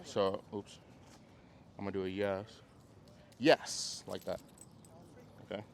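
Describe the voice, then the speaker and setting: A man teaching a dog training class outdoors, coaching owners and breaking into high, excited praise for the dogs. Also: normal speed, creaky, a little hiss or hum. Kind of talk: hands-on group class instruction.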